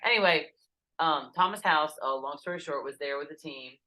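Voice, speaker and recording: A middle-aged woman, a podcast guest telling stories in casual chat, animated and profane, acting out quotes, recorded outdoors in a backyard. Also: sits low, moderate pace, low-quality recording.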